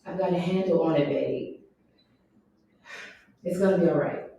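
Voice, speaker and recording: A woman's voice: mid-range voice, big pitch swings, slow pace, warm tone. A woman acting a troubled detective wife in a live sketch, brushing off her husband's questions. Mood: evasive. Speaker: actress in a stage sketch. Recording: echoey room, mic far off, faint noise.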